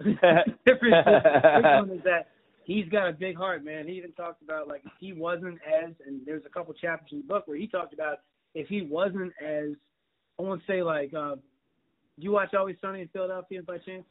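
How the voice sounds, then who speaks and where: A man with a fairly high voice hosts a loose sports podcast, relaxed and slangy, often laughing. The audio is narrow and phone-like. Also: brisk. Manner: laid-back, laughs along, slangy. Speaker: podcast host. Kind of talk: casual chat.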